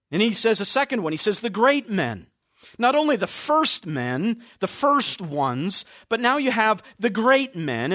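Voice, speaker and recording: High-pitched man preaching a sermon. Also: a bit bright, no room sound, clean studio sound. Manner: emphatic, drawn-out stresses on key words. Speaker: pastor.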